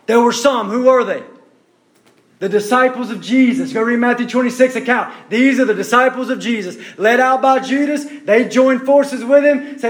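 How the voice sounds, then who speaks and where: A man preaching a sermon, emphatic and repeating his phrases, dropping to hushed questions to the listeners. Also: very high voice, normal speed. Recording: echoey room.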